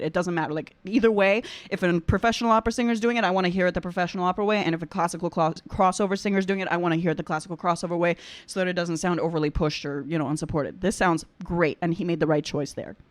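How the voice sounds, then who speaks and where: A woman's voice: fairly low pitch, steady tone, racing, hardly any pauses, no echo. A woman who is an opera singer and vocal coach, reacting to a performance in casual, effusive commentary and singing short examples.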